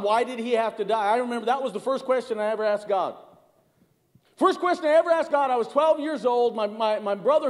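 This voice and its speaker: High-pitched pastor preaching in a hall. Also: male voice. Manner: conversational, calls to the congregation, repeats words. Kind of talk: sermon. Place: church sanctuary.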